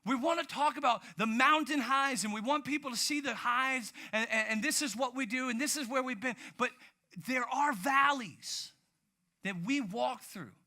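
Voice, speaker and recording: A man preaching a sermon, animated, moving from hushed low passages to loud near-shouted ones. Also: moderate pace. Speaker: pastor.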